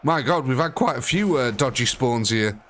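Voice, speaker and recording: A man's voice: mid-range voice, expressive, moderate pace, a bit bright. Chatty male gaming streamer. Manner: chatty, thinks aloud, talks to units on screen. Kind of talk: live gameplay commentary.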